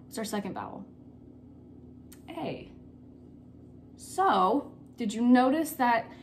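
A woman teacher giving a recorded phonics lesson to children, patient and repeating key words slowly. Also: medium pitch, slight background noise.

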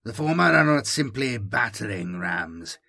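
A man voicing a solemn, pious male Inquisitor in an audiobook reading, with a measured, priestly delivery. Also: mid-range voice, big pitch swings, vocal fry, pushed and bright, exaggerated voice.

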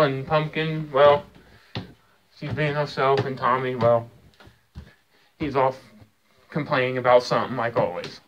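A man's voice: medium pitch, steady tone, measured pace, long pauses. A man chats to his pets at home in a loose, unscripted way. He scolds and teases them, stammering and repeating words as he restarts his sentences. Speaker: cat owner talking to his cats. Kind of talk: casual talk to pets.

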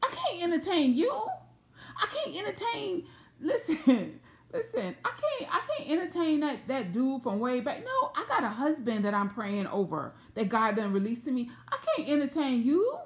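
Speaking to camera at a moderate pace, a high-voiced Southern woman from Atlanta, USA, delivers a casual prophetic word. Animated and repetitive, she voices the characters in the story as she goes.

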